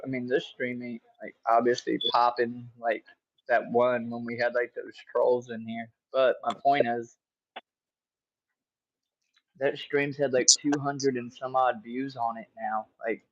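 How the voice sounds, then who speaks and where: A man hosting a casual livestream from home, talking in a relaxed, rambling way with many fillers. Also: mid-range voice, no echo. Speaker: livestream host. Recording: dull lo-fi stream audio.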